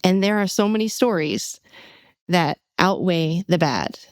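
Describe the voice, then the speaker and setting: A woman's voice: on the low side, unhurried, no room sound, studio quality. A woman real estate agent hosting a casual podcast, telling client stories and acting out quotes in a raised voice. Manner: animated storyteller, acts out quoted clients in a raised voice. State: getting emotional.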